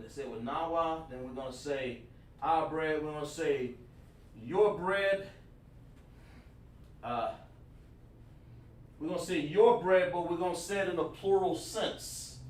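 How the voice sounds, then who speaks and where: A man's voice: on the high side, recorded from a distance, a little hiss or hum. A man teaching a livestreamed language lesson, easygoing and repetitive, praising students by name as he writes on a board. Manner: relaxed, repetitive, thinks aloud while writing on a board. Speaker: class instructor. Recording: echoey room, speaking away from mic.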